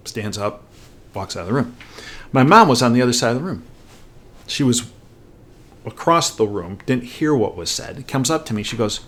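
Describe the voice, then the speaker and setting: A middle-aged man hosts a talk show and tells a personal story with real animation. His pitch swings up and down as he acts out each person in it, all in a middle-pitched voice. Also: normal speed, pauses often. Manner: animated storyteller acting out dialogue. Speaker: host.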